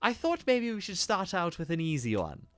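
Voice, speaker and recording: A man voicing a gentle royal aide who speaks softly and reassuringly. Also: high-pitched, huge pitch swings, normal speed, voice pushed up. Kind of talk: reading game dialogue aloud with voices.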